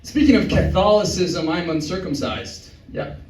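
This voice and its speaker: A young male comedian rambles through a stand-up set in a deadpan, meandering way, his pitch swinging widely. He sounds distant in an echoey club room. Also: normal speed, slight background noise.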